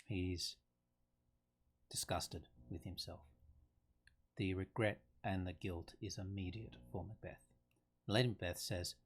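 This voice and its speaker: Male teacher, lower register, casual explainer who thinks aloud. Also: fairly even intonation, measured pace, pauses often, husky. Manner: conversational, thinking aloud with fillers and restarts. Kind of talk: casual lesson explaining a play.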